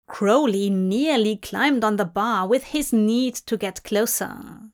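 A woman reading a story aloud in an unhurried, even narration. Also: medium pitch. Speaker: fanfiction reader. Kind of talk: audiobook narration.

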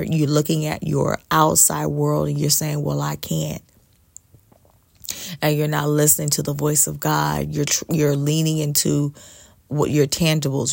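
A low-pitched woman speaks slowly and meditatively, her voice gravelly and husky with frequent fry. She leans into soft whispers to stress her points, like a spiritual coach talking straight to her listeners, in a dry close recording. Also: dry recording. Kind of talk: slow reflective faith talk to camera.

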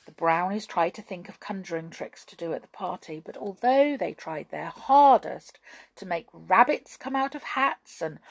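A woman reading a children's story aloud, expressive with hushed asides. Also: lowish voice, dry recording, low-quality recording.

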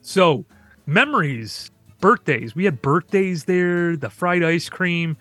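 Bright-voiced man telling stories quickly. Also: sits high, animated, dry recording, faint music behind. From Michigan. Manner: fast storytelling with laughs and asides. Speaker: podcast co-host. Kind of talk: casual podcast chat.

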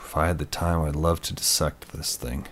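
A man voicing a calm, matter-of-fact male hacker explaining technical things offhandedly. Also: rumbling low, moderate pace, a little hiss or hum.

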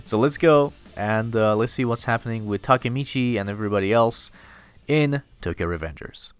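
A man's voice: medium pitch, moderate pace, clean tone, faint music behind. Rambling guy recapping manga. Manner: loose, rambling, full of "dude" and "you know". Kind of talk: casual manga chapter recap.

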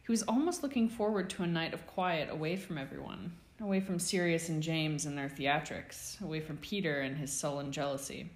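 A woman narrating a fan fiction audiobook with a slow, measured reading. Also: sits low, echoey room.

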